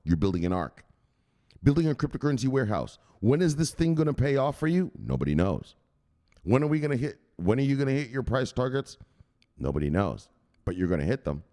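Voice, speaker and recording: A man's voice: medium pitch, sing-song, fairly quick. Profane, hyped man ranting on his channel. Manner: profane, hyped, shouts catchphrase "bang". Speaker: crypto channel host. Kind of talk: ranting vlog commentary.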